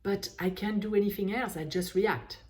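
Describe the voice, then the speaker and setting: A woman leading a guided tapping session, slowly voicing frustration in short repeated phrases while naming tapping points. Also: mid-range voice, a little mellow. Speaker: EFT tapping coach.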